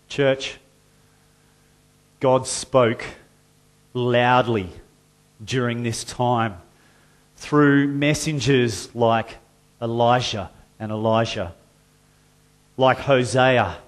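A male pastor preaching a sermon, moving between conversational explanation and loud, forceful reading of scripture. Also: mid-range voice, fairly even intonation, very slow, long pauses. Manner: reads scripture loudly and forcefully, then drops to a conversational tone.

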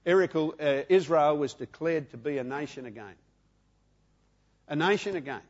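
A man in his sixties with an Australian accent, preaching a sermon emphatically, repeating phrases and asking the congregation questions. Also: high-pitched. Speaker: pastor. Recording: dull lo-fi sound.

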